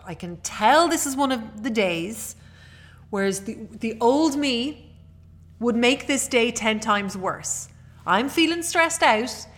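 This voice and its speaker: A woman's voice: fairly high pitch, a bit bright. A young woman hosting a podcast, talking casually and acting out her own inner voice with self-deprecating humor. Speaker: podcast host. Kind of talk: casual motivational monologue.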